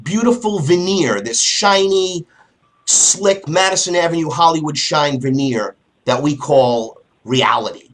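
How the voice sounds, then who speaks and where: Impassioned talk show host, husky man. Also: a little high, lively intonation, a little slow, a bit bright. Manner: impassioned, emphatic.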